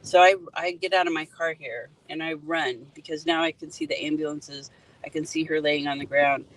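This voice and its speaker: A woman's voice: low voice, fairly even intonation, normal speed, poor audio. A middle-aged woman, an EMT and grieving mother, earnestly recounting details and pointing out spots from a parked car by the road. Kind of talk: emotional first-person account at a roadside.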